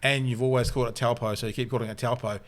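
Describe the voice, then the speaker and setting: A man's voice: mid-range voice, rapid-fire. A New Zealand man hosting a casual podcast chat, telling stories and acting out the voices of people he quotes. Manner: animated storyteller, acts out quoted voices. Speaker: podcast host. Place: hotel room by a lake.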